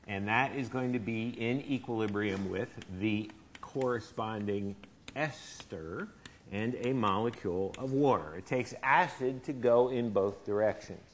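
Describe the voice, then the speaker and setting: A man's voice: medium pitch, a little hiss or hum. A man who is a university chemistry professor, giving a lecture and asking his class questions in a conversational way. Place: lecture hall.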